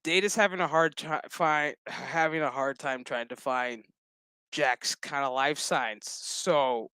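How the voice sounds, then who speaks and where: A man's voice: medium pitch, slow, pushed and bright, clean tone, no room sound. A man giving a casual, profanity-laced spoken review of a TV series, chatty and laughing often. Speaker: show reviewer.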